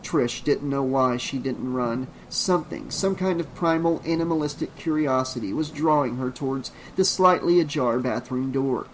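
A man's voice: medium pitch, moderate pace, few pauses, slight background noise, low-quality recording. Man narrating a horror audiobook.

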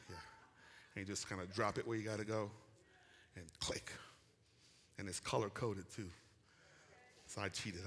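A male pastor preaching a lively sermon, calling out to the congregation and swinging from quiet asides to loud shouts. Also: on the low side, long reverb tail. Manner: animated preaching with call-and-response, rising to shouts. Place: church sanctuary.

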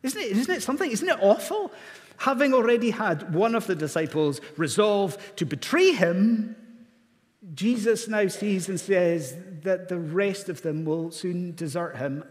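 A man's voice: sits high, animated, measured pace. A Scottish man preaching a sermon from the pulpit, asking the congregation questions and building to emphatic peaks. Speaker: pastor. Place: church sanctuary. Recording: long church reverb.

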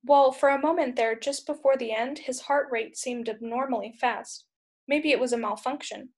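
A woman reads the part of a smug male centaur who runs all the gadgets, quick and teasing in a storybook reading. The voice sits a bit high. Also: a little mellow. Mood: explaining. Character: brainy male centaur tech expert, cocky.

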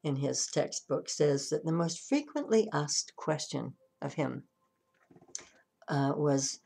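A woman's voice: low-pitched, lively intonation, slow pace, vocal fry, mellow, breathy edge. A woman minister giving a sermon and retelling a story conversationally, with frequent restarts.

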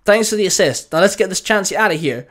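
A man's voice: sits high, expressive, fast talker, fairly bright tone, pitched above the performer's own voice. A man voicing a brave young male firefighter who speaks urgently in a raised voice.

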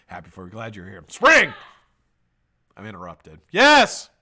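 A middle-aged man hosting a live stream, greeting viewers by name with loud shout-outs, swearing and joking. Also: low voice, quick pace. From United States. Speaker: host.

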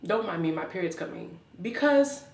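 A woman's voice: lowish voice, expressive, moderate pace, darkish tone. Sassy woman vlogger in a roomy room. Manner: sassy, exuberant, says "child" often. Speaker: fashion vlogger. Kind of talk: casual try-on haul chat. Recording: roomy, from a distance.

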